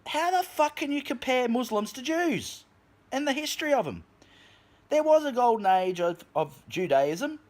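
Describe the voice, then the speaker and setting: A man's voice: very high voice, big pitch swings, normal speed. An Australian man delivering an angry, profane rant to his camera in a vlog. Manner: profane, heated, shouts at times. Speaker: vlogger. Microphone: camera mic.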